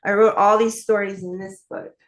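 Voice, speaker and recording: A woman's voice: medium pitch, little pitch movement, moderate pace. A woman telling her life story in an interview, candid and rambling, with many fillers and restarts. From New York. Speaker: author and interview guest.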